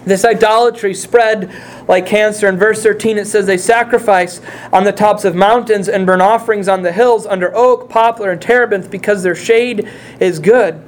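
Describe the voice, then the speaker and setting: A man's voice: high-pitched, steady tone, normal speed, a little hiss or hum. A male pastor preaching a sermon, speaking earnestly and putting direct questions to his congregation.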